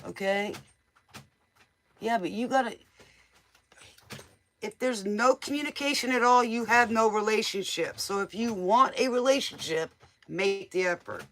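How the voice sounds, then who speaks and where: A woman's voice: mid-range voice, a little slow, long pauses, a bit bright. A woman giving casual, motherly tarot readings to viewers on a live stream. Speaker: tarot reader.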